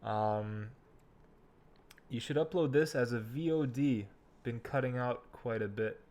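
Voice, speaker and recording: A man's voice: mid-range voice, unhurried, a little mellow. A young man hosting a crypto livestream, trading laid-back jokes in casual banter. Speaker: crypto streamer, host. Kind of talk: casual stream chat.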